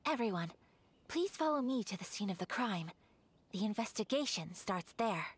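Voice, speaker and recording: A woman voicing a poised young noblewoman from a powerful clan in a game, speaking in a formal, measured way. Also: mid-range voice, expressive, a little hiss or hum, lightly acted. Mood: businesslike. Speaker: game character.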